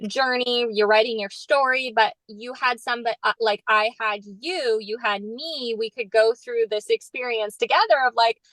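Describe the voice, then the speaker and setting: A woman's voice: on the high side, moderate pace, few pauses, a bit bright, no room sound, low-quality recording. A woman author chatting on a podcast, talking in an earnest, reflective, spiritual way. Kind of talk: casual podcast chat.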